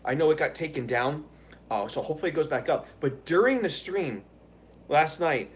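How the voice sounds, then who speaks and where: A man's voice: on the high side, expressive, moderate pace, slight background noise. A man hosting a live stream, chatting casually and telling stories in a rambling, profane way, laughing often. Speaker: live streamer answering chat.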